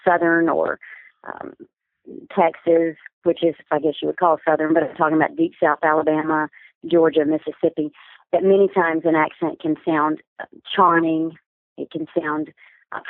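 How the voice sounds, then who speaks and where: A woman, a business communication coach and interview guest, explains her points in an articulate, measured, instructive way. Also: sits low, no room sound. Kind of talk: interview answers. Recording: tinny phone-line sound.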